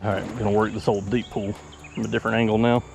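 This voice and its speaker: A man with a low, heavily gravelly voice talks in an easygoing, chatty way while fishing. He is out in a creek, and clear insect and outdoor noise sits behind him. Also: level tone, racing. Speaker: fishing channel host. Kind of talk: casual outdoor vlog commentary. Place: outdoors wading in a mountain creek.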